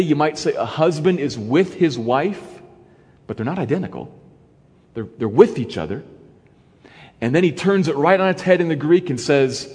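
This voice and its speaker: Man, Bible teaching, emphatic, short phrases, husky, reverberant hall. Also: on the high side, a little mellow. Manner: earnest, emphatic, pauses between phrases.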